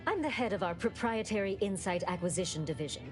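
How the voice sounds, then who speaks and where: A woman's voice: medium pitch, expressive, fast, music in the background, natural voice. A woman voicing a brash corporate marketing chief in a video game, talking in old-timey salesman slang.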